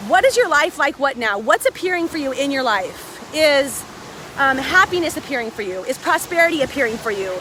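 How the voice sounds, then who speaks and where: Bright, high-voiced woman live on a beach. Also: a little fast. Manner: chatty, excitable, greets viewers by name. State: out of breath. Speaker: live video host. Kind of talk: casual motivational live stream. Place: outdoors on a beach by the waves. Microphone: phone held by a friend. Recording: faint surf noise outdoors.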